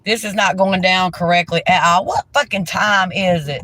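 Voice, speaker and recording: A woman's voice: fairly low pitch, fairly even intonation, moderate pace, a bit bright, a little hiss or hum, poor audio. A woman ranting heatedly and profanely during a live stream, talking into a handheld phone from inside a car.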